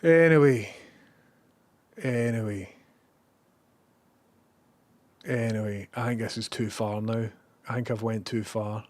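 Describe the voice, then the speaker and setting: A man's voice: lowish voice, normal speed, no echo. Sweary Scottish man chatting on stream. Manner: rambling and profane, with bursts of loud excitement. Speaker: live streamer. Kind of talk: casual live-stream chat.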